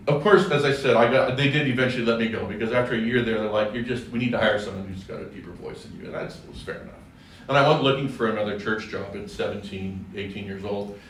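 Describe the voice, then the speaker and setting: A man's voice: medium pitch, a bit bright, a little hiss or hum. A man from California, a singer giving a chatty, joking public talk with many self-corrections. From California, USA. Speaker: speaker, singer. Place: church hall. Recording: echoey hall, distant mic, faint ambience.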